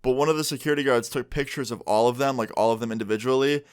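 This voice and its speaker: A young man telling a story-time vlog in a casual, joking way, swearing freely and getting animated. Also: mid-range voice, rapid-fire, clear, resonant tone. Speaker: storyteller vlogger.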